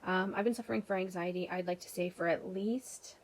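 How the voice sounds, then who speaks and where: A woman's voice: lowish voice, steady tone, brisk, rough recording. A young woman from Canada talking casually to camera for her vlog, rambling a little and filling gaps with ums and you-knows. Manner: chatty, rambling, many ums and restarts. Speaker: vlogger.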